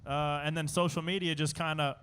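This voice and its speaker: A young man with a fairly high voice, talking loosely in a casual interview. He rambles, restarts his sentences and drops in filler words as he tells a story. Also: level tone, a little fast, a bit bright, a little hiss or hum. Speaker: race car driver guest. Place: outdoor live show stage at a racetrack.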